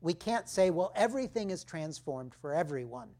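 A man preaching a sermon, emphatic, dropping his voice low for key phrases. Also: very animated, mellow. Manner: slow, emphatic preaching with dramatic drops in volume.

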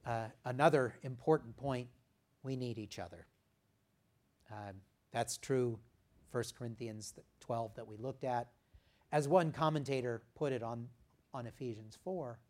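A man preaching a sermon in an easygoing, conversational voice of middle pitch. He reads scripture, then talks it through with the congregation, pausing on the odd "uh." His voice lifts to stress a point and falls quiet as a phrase closes. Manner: reads scripture aloud, then explains it in a conversational way with frequent "uh" pauses; dynamic delivery, rising for emphasis and dropping very soft at the ends of phrases. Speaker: pastor.

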